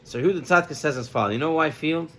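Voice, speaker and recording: A man giving a sermon as a rabbi, telling a story in a lively way and mixing in Hebrew terms. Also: fairly high pitch, fast talker, a little hiss or hum.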